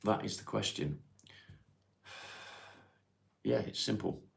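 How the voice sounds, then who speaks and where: A deep, gravelly-voiced man from Cheshire hosts a relaxed livestream from home. He reads viewer questions aloud and answers them plainly, in an easygoing, unhurried way, with a low, rough edge in his voice. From England (Cheshire). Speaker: livestream host. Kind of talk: casual livestream chat answering viewer comments. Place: at home, smoking while streaming.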